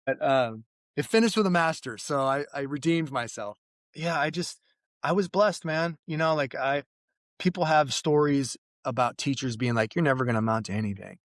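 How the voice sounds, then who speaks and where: A man's voice: a little high, moderate pace, no room sound, clean studio sound. A man in his forties from California, a guest coach telling candid, self-deprecating stories in a podcast interview. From Fresno, California. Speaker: mental performance coach, guest.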